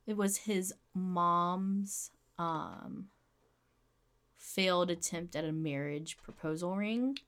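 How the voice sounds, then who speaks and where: A young woman with a low voice and a bright, forceful edge chats casually on a podcast. She laughs often and pokes fun at herself. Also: drawn-out words, pauses often, smooth. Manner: laughs a lot, self-deprecating. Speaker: podcast co-host. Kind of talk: casual chat.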